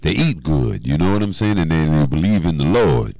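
A man with a very low voice swings it up and down in lively fashion as he hosts a radio show. He spins stories casually, teasing his co-host and slipping into comic voices. The studio sound is dry and close. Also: a little fast, creaky, no room sound, rough recording. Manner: animated storyteller, teasing, slips into funny voices. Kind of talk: casual studio chat and storytelling.

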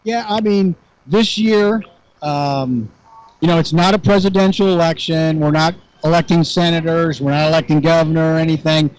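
Easygoing high-voiced male radio co-host. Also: moderate pace, a little mellow, clear, resonant tone, rough recording. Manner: easygoing, agreeable, many short affirmations. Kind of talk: casual on-air chat.

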